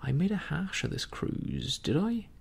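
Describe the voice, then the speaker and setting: A scornful old pirate captain speaks in a whispered role-play, his voice deeply gravelly and breathy, as a storyteller puts him on. He drawls slowly and contemptuously, as if the rest of the crew is beneath him. Now and then he drifts a little farther from the mic. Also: wildly swooping pitch, exaggerated voice.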